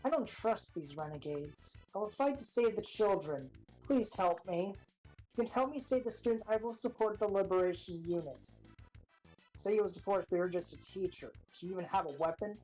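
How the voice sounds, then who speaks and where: A woman voicing a female teacher who turns out to be a war robot, read in a calm, measured way. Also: mid-range voice, faint music behind, natural voice, low-quality recording. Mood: determined.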